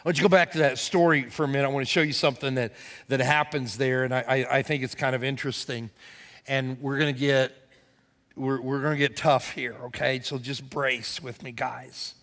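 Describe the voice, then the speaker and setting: A man pastor delivering a sermon, telling stories with animated emphasis that climbs to near shouts. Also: mid-range voice, brisk. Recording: church hall with long reverb.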